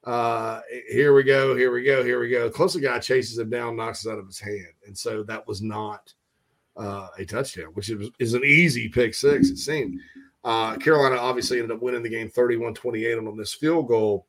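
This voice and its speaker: A man's voice: medium pitch, moderate pace, fairly bright tone. Rambling man hosting sports radio. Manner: rambling, jokey, many fillers and restarts. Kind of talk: casual sports talk.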